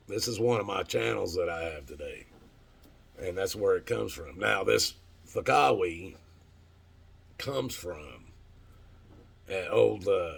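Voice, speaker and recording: Gravelly low-voiced man telling stories. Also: a bit bright. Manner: rambling, profane, acts out quoted voices. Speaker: storyteller. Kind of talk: casual storytelling monologue.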